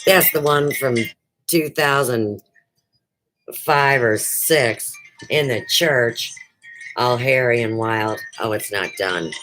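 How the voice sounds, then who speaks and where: A middle-aged woman with a very deep, slightly bright voice speaks slowly while hosting her own livestream show. Her talk is unrehearsed and rambling, jumping from topic to topic over soft background music, and the recording quality is low.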